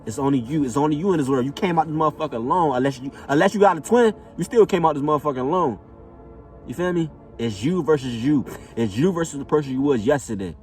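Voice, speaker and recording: A man's voice: on the high side, expressive, fast, a little mellow. A man speaks a little away from the mic, so his voice sounds distant. Faint music plays under his casual, motivational monologue. He repeats his phrases for emphasis. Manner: repetitive, emphatic, casual slang with frequent "know what I'm saying". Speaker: motivational vlogger.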